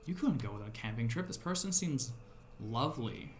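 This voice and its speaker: Guy running a horror tabletop game, mid pitched, rambly descriptive narration, bit of hiss. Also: lively intonation, a little fast. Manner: descriptive, loose with fillers like "sort of". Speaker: game master.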